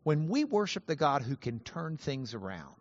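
A man teaching a Bible lesson to an audience, animated and playful, spelling out Hebrew words slowly. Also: fairly high pitch, no room sound, muffled recording. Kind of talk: lively teaching talk to an audience.

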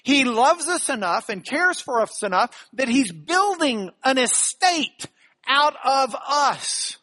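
Animated man teaching a Bible lesson. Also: extremely high pitch. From Texas. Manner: animated, emphatic teaching with quick asides.

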